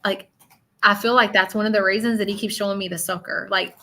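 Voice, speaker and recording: A Southern woman leads a live-stream psychic reading in a chatty, blunt way, with plenty of "um"s along the way. Her voice is bright and carries a forceful edge. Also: medium pitch, steady tone, quick pace. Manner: chatty, blunt, with many fillers. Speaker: spiritual medium.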